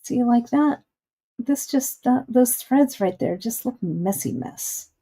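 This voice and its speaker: Woman, live craft instructor, unhurried pace, encouraging, chatty, talks through each step. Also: a little high, expressive, gravelly, mellow, breathy edge. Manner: chatty, encouraging, thinks aloud while working. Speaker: jewelry-making instructor hosting a live stream.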